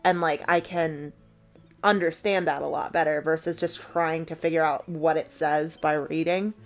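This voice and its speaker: A woman's voice: deep voice, fairly even intonation, moderate pace, soft background music. A woman co-hosting a game playthrough, chatting casually and rambling with fillers and frequent laughs. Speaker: co-host of a gameplay series. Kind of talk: casual chat over gameplay.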